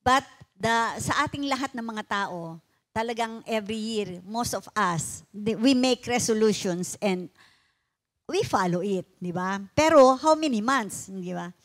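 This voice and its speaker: A woman's voice: mid-range voice, a little slow. A woman co-preaching a sermon, reading scripture and talking in a mix of Tagalog and English. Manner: conversational, mixing Tagalog and English. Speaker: pastor's wife, co-preacher.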